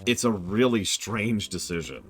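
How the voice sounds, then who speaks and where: Deep-voiced chatty game streamer. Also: male voice, unhurried, over music. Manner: chatty, opinionated, lively. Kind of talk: casual live-stream commentary.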